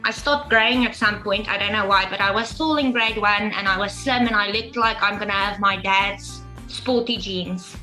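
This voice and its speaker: A woman's voice: mid-range voice, normal speed, hardly any pauses, sharp tone, soft background music, low-quality recording. A woman on a video call, a comedian chatting in a self-deprecating, jokey way. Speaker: guest, comedian. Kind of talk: casual video-call chat.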